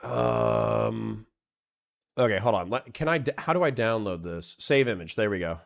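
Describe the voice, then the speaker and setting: A man's voice: on the low side, sing-song, moderate pace, vocal fry. A man livestreaming, talking straight to his chat audience, swearing freely and breaking into fits of laughter. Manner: giggly, profane, breaks into laughter often. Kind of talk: casual livestream reaction chat.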